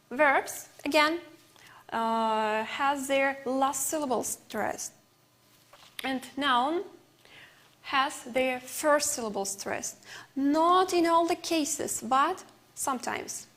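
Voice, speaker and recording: An Uzbek-speaking woman teaches English on television, explaining at a slow pace with repeated examples and filler words. Her voice is high and a bit bright.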